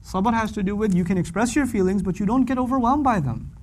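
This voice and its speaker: A middle-aged man giving a humorous religious lecture, animated and repeating lines for emphasis. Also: very high voice, quick pace, hardly any pauses. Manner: animated, acts out quoted voices, repeats for emphasis. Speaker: Quran teacher.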